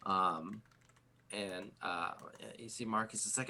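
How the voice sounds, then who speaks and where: Man, game master, casual narration, lots of um and like, bright voice. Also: lowish voice, slow pace, a little hiss or hum. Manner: casual, filler-heavy narration.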